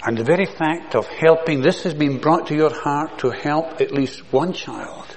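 A man's voice: on the high side, moderate pace, poor audio. Earnest preacher man, faint hiss. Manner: earnest, builds to raised passionate emphasis then drops soft. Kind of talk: sermon.

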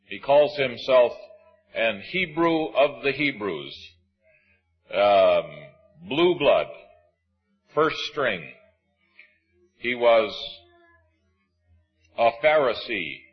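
A man preaching a sermon, reading scripture aloud and stressing key words slowly. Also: mid-range voice, husky, lo-fi sound. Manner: measured, emphatic preaching with slow stresses.

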